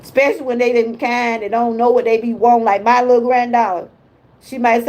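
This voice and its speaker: A woman's voice: on the high side, fast talker, darkish tone, rough recording. An older woman hosting a casual motivational livestream, chatty and folksy, talking to viewers as she reads out their comments. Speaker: lifestyle vlogger hosting a livestream.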